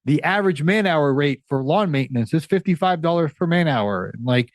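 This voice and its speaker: A man guesting on a podcast, chatting casually, animated and quick to laugh, with stammering restarts. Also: fairly high pitch, no echo, studio quality. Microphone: studio microphone.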